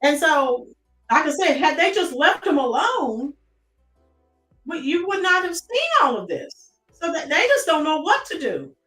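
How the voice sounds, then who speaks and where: High-voiced American woman, chatty live-streamer. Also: very animated, measured pace, a bit bright, echoey room, far from the mic, soft background music. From United States. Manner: chatty, greets chat viewers by name, keeps calling out to folks.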